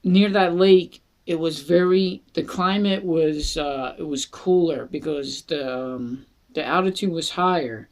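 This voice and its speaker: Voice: mid-range voice, measured pace, few pauses. A wine reviewer from Philadelphia who talks through a casual product review in a chatty, joking way, with asides and self-deprecating remarks. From Philadelphia, USA.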